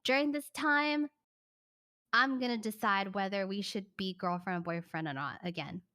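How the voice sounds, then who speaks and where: A woman's voice: mid-range voice, moderate pace, bright, forceful tone, natural voice. A woman putting on the voice of a dismissive young male ex-boyfriend, offhand and evasive. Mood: aloof.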